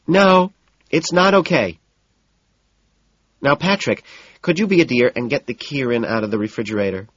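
A man voicing a fretful, theatrical wealthy young hostess in an audiobook, gushing and breathy with dramatic wails. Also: medium pitch, moderate pace, long pauses, a bit bright, no room sound, pitched above the performer's own voice. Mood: brisk. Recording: dull, muffled audiobook recording.

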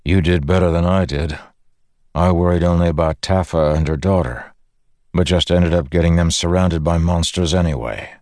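A man voicing a steady, earnest older warlord who speaks in a calm, measured way. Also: deep voice, no room sound, clean studio sound, natural voice.

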